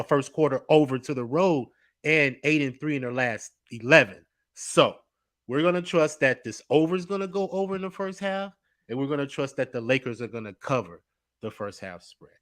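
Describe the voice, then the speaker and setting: A man's voice: fairly high pitch, no room sound, studio quality. A man appearing as a guest sports bettor, walking methodically through trends and picks in casual talk.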